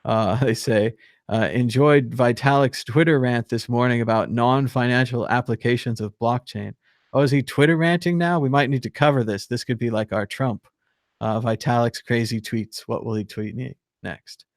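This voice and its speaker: In a clean studio recording with no room sound, a man speaks at medium pitch with a steady tone and moderate pace. He hosts a live crypto stream, rambling casually and leaning on fillers. He laughs softly while reading chat messages aloud.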